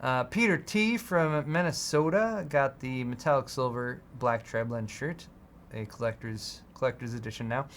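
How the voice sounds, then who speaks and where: A young man co-hosting a live tech show, casually reading out donations and shoutouts. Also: mid-range voice, moderate pace, slight background noise. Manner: relaxed, reads out donations and shoutouts. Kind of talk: casual live-stream chat.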